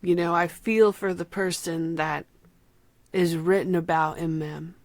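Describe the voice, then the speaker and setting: Slow, heartfelt woman near tears. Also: lowish voice, fairly even intonation, no room sound. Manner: heartfelt, slow, trailing into soft whispers. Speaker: album reviewer. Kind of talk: emotional personal vlog talk.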